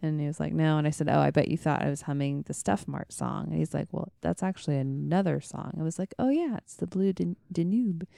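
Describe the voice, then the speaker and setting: A woman's voice: low voice, fairly even intonation, fast talker, vocal fry, hardly any pauses, warm tone, no room sound, clean studio sound. A young adult woman co-hosting a casual chat, telling a story and acting out the quoted dialogue. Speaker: podcast co-host.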